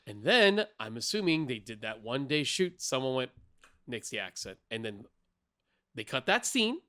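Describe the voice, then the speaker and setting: A man co-hosting a podcast in casual chat, talking in an animated, emphatic and opinionated way. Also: medium pitch, normal speed. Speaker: podcast co-host.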